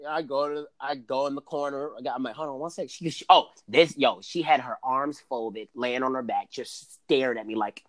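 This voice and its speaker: A man in casual podcast chat, telling a long embarrassing story in a loose, profane way, his voice jumping up high for emphasis. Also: normal speed, few pauses, no room sound. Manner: animated, profane storytelling with big pitch jumps.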